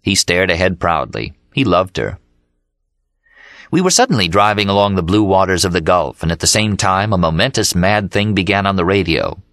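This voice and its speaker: A man narrating an audiobook in a steady, measured reading. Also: sits low, no room sound, studio quality. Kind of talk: scripted narration. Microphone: studio mic.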